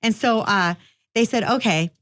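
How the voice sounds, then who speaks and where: A woman's voice: a little high, normal speed, a bit bright, no room sound. Middle-aged woman, chatty storyteller, many fillers, dry close sound. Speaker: guest, firearms instructor. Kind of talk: casual storytelling interview.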